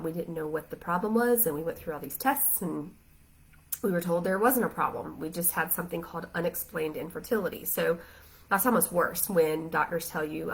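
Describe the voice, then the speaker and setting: A woman fresh from crying speaks on a live stream, her voice sitting a touch low. She halts often and fills gaps with "um", emotional but pressing on. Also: gravelly, husky, poor audio. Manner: tearful, halting, many fillers. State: just finished crying, emotional. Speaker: Christian life coach. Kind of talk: casual live video talk. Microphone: phone or laptop live stream.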